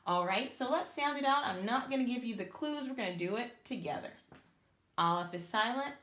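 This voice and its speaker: A woman's voice: mid-range voice, normal speed, fairly bright tone, reverberant. A woman teaching beginners to read Hebrew letters, sounding them out step by step and praising the learners. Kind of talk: slow, patient reading lesson.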